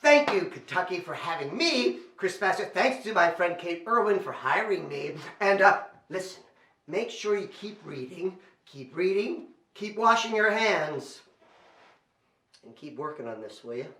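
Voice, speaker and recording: Playful male children's entertainer, bright tone, lively pitch, echoey room. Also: a little slow. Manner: playful, talks to the kids at home. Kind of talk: comic juggling performance for kids. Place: library show recorded on video.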